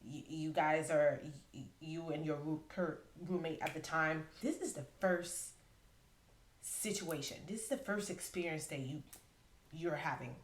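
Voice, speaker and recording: A woman podcast host asks questions in a halting way, stumbling and restarting before she settles on her point. Her voice is somewhat low. The room around her is echoey. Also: a little hiss or hum. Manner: halting, stammered restarts while framing questions. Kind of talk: interview conversation.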